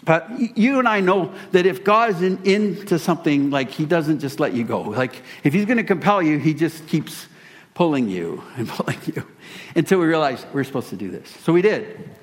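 A male pastor telling a personal story in a sermon, animated and self-deprecating. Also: a little high, normal speed.

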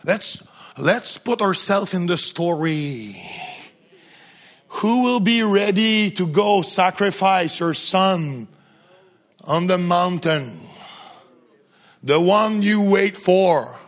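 High-voiced, animated male preacher. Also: slow, pauses often. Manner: energetic, calls to the crowd, laughs often. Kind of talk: sermon.

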